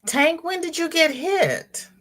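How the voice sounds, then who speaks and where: Woman livestream host, middle-aged, unhurried delivery, chatty, greets viewers by name. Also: extremely high pitch, expressive, a bit bright. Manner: greets viewers by name and reads out chat comments. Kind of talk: casual livestream chat.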